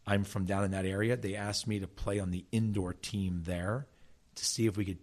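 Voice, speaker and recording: A middle-aged man from South Jersey tells his story in an interview, his voice sitting somewhat low. He stumbles and repeats words as he gets going. He stays animated throughout. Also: moderate pace. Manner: animated storyteller with many restarts. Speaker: interview guest, former player and coach. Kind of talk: storytelling conversation.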